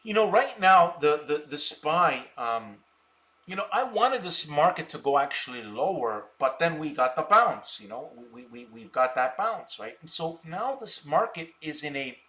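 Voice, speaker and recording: High bright-voiced man ranting scornfully. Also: big pitch swings, normal speed. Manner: scornful, boastful, mocking insults; bursts of loud laughter and shouting. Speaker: stock options live streamer. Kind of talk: ranting live stream talk.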